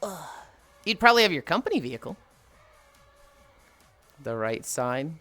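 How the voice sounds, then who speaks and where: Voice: mid-range voice, very animated, moderate pace, sharp tone, faint music behind. A livestreamer chatting casually with viewers, reading chat aloud and ranting playfully with plenty of swearing. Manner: swears freely, reads and answers chat.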